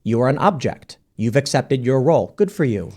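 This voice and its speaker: A man's voice: mid-range voice, very animated, crowd noise. Argumentative male podcast host. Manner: argumentative, rapid bursts. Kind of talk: casual panel debate.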